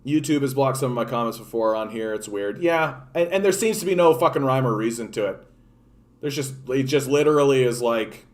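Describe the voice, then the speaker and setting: A man's voice: mid-range voice, expressive, a little fast. Profane impassioned man. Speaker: political livestreamer. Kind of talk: unscripted political rant.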